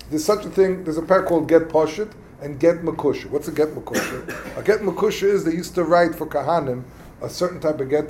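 A man teaching a casual text study lesson, explaining passages in a halting, conversational way and acting out quarrels. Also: fairly high pitch, a little hiss or hum. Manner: halting, explains texts plainly and acts out quarrels. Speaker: religious teacher.

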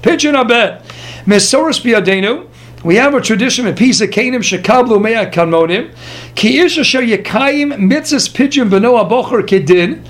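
High-voiced man teaching a Torah class. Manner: reads Hebrew sources then translates them into plain English; lively storyteller, quick asides to the listeners.

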